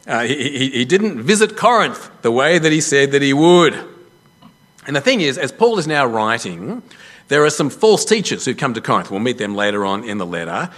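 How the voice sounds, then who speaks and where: A man preaching a sermon as a pastor, telling a story with lively self-deprecating humour. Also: medium pitch, normal speed.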